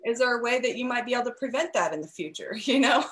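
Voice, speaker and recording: A woman's voice: on the high side, expressive, fast, a bit bright. A woman hosting a parenting podcast, talking casually, laughing often and restarting her sentences. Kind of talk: casual conversation.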